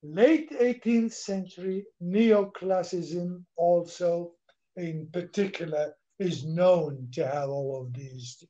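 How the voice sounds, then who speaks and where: A man's voice: high voice, takes it slowly, dark tone. A man lecturing a class on literature, repeating himself, asking questions and answering them, and dropping a few words of Arabic. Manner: switches into Arabic briefly. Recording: dull lo-fi recording.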